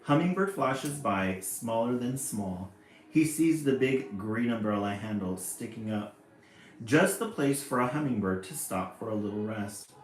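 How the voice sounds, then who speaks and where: A man reading a picture book aloud, with lively, chatty asides about the pictures. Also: on the low side, a little slow, a little hiss or hum. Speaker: storybook reader. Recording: echoey room, faint music.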